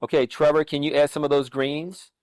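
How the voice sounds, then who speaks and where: A man's voice: fairly high pitch, fairly quick, clean tone, dry recording. A man demonstrating a recipe as a chef, talking easily with many fillers and restarts. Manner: relaxed, hesitant with fillers and restarts. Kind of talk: cooking demonstration.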